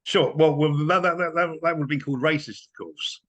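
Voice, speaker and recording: A man's voice: on the high side, a little fast, fairly bright tone. A man as a guest in a casual political chat, indignant and emphatic. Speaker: guest commentator.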